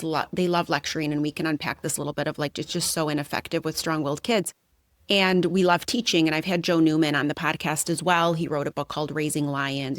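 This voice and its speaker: A woman's voice: deep voice, dry recording, clean studio sound. A young woman hosting a podcast, talking through her ideas in a thoughtful, reflective way. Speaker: podcast host. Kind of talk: conversational interview.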